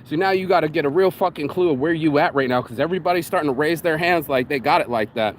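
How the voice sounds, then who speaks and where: Man, profane rambling rant, slightly higher voice, faint traffic noise outdoors. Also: fast talker. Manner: profane, rambling, talks in circles with restarts. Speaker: vlogger. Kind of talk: ranting monologue.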